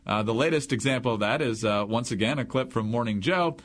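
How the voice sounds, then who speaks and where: A man hosting a political commentary podcast, brisk and wry as he sets up clips. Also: mid-range voice. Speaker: podcast host.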